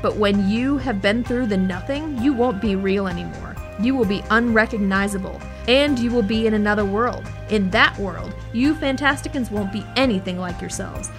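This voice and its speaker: A woman reading aloud as a cruel, menacing male werewolf, speaking slowly and tauntingly. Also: mid-range voice, music in the background, lightly acted.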